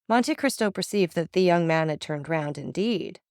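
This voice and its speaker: A woman narrating a classic novel as an audiobook reader, telling it in a steady, even way. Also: fairly low pitch, normal speed, hardly any pauses, no echo, clean studio sound.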